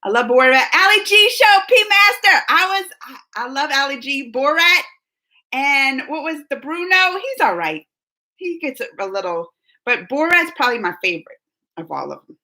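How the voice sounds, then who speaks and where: Bright-voiced chatty woman streamer. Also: high voice, lively intonation, moderate pace. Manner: chatty, laughs often, jumps between chat comments. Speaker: reaction streamer reading chat. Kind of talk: casual chat.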